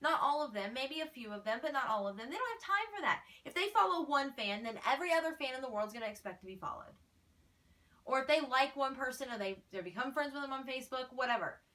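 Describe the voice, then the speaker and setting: A woman's voice: high-pitched, animated, fast, sharp tone, far from the mic. A woman fan page admin answering fan questions in a casual vlog, blunt, feisty and exasperated.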